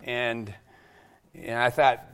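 A man from Seattle preaching a sermon, lively and acting out the quoted voices. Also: medium pitch, drawn-out words, vocal fry, smooth. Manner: animated, acts out quoted voices. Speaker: pastor.

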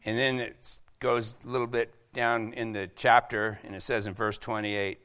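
A man from Seattle preaching a sermon, lively and acting out the quoted voices. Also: on the low side, normal speed. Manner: animated, acts out quoted voices. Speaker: pastor.

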